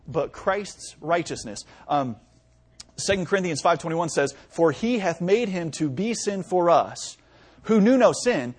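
Lively preacher, slightly high voice. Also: male voice, slightly rough. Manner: conversational, illustrates with his sons and paper props. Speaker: pastor. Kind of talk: sermon with object lesson.

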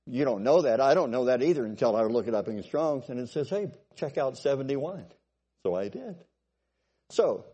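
A man's voice: mid-range voice, mellow. A man preaching a sermon in a conversational way, often restarting and checking whether the congregation follows him. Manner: conversational, repeats himself, asks the congregation if they follow. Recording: long hall reverb.

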